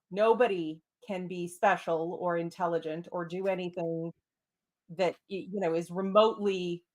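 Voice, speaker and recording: A woman on a discussion panel, talking in long emphatic runs full of fillers. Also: fairly low pitch. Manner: rambling, many fillers, emphatic. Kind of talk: casual discussion.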